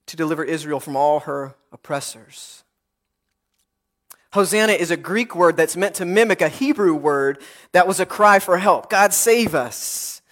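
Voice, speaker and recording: A man as pastor, preaching a sermon in an earnest, rhythmic way with repeated phrases and dramatic pauses. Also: high voice, fairly bright tone.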